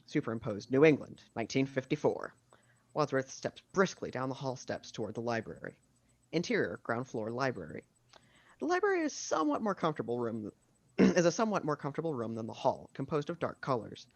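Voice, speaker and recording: At a casual table read over video call, a man narrates a screenplay's stage directions, reading steadily with dry asides. His medium-pitched voice has vocal fry, his pace is fairly quick, and there's no room sound.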